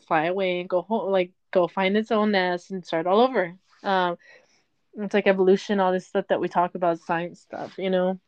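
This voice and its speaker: A young woman in her twenties talking candidly in a rambling personal podcast monologue, full of fillers and quick apologies. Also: medium pitch, smooth, no echo. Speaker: podcast host. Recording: dull lo-fi dry sound.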